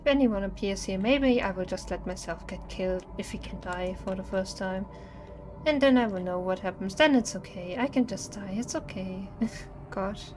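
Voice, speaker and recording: A young woman streaming horror games, chatting nervously and singing to herself to stay calm. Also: mid-range voice, slight background noise. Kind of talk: live-stream gameplay commentary. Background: faint game music.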